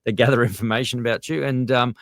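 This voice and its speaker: A man's voice: mid-range voice, fairly even intonation, quick pace, fairly bright tone, no echo. A podcast host in his fifties telling a story in casual conversation, rambling and hesitant with many ums. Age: 50s.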